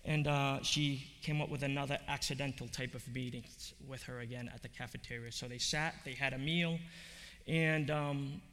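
A man's voice: mid-range voice, fairly even intonation, normal speed, fairly bright tone, slight background noise. A man preaching a sermon, telling a story in a conversational way with many fillers, then building to emphatic points. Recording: long hall reverb.

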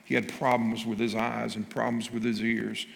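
Gravelly preacher in a reverberant hall. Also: male voice, lowish voice, moderate pace. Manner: animated storytelling, rising to emphatic preaching. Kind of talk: sermon with story.

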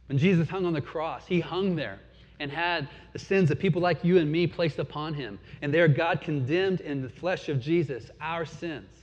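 A man in his forties preaching a sermon as pastor, earnest, swelling and dropping in force. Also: medium pitch. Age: 40s. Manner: earnest, rising and falling in force. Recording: dull sound with long hall reverb.

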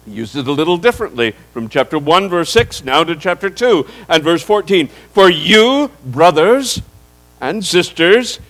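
A man's voice: on the high side, big pitch swings, normal speed, fairly bright tone, poor audio. A man preaching a sermon to his congregation, speaking to them directly with rising and falling emphasis. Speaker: pastor. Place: church.

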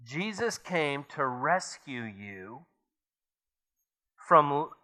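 Male pastor preaching, slow delivery, bright forceful tone. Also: a little high, very animated. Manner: preaching with rising emphasis, reading scripture aloud. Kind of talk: sermon.

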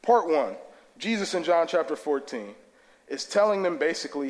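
A man's voice: a little high, very animated, normal speed. A man preaching a sermon in a church, casual, conversational and enthusiastic. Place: church sanctuary. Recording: long hall reverb.

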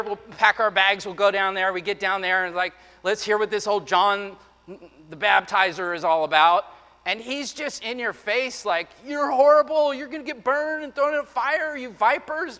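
Male pastor, bright and high, lively sermon delivery, big reverberant hall. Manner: animated, acts out voices of listeners and John.

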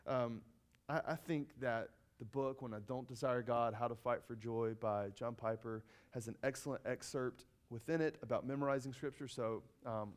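A man with a mid-range voice gives an earnest, sermon-style teaching. He often repeats key phrases and pauses with ums and uhs.

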